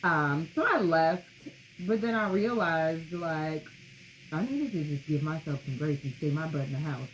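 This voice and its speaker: A woman's voice: deep voice, measured pace. A woman co-hosting a grief podcast, openly telling her own story in a reflective way. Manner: open, reflective, lively storytelling. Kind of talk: casual podcast talk about grief. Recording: slightly muffled with faint background noise.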